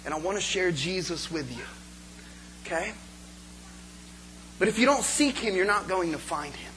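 Passionate man preaching, bright voice. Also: high voice, animated, moderate pace, slight background noise, rough recording. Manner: passionate, swinging from soft asides to loud pleading. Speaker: pastor. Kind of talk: sermon.

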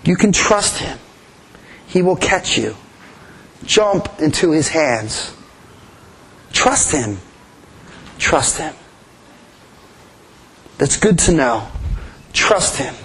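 A man's voice: high voice, slight background noise, rough recording. A man preaching a sermon in an earnest way, often repeating his key phrases. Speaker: pastor.

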